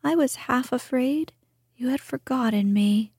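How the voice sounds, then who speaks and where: Woman doing a meek earnest gardener, whispered role-play, breathy, slightly higher, slow. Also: a little mellow, no room sound, studio quality, full character voice.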